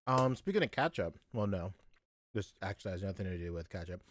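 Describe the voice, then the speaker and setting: A man's voice: low voice, lively intonation, fairly quick, dry recording, clean studio sound. A man co-hosting a podcast, giggly and playful in casual chat. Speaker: podcast co-host.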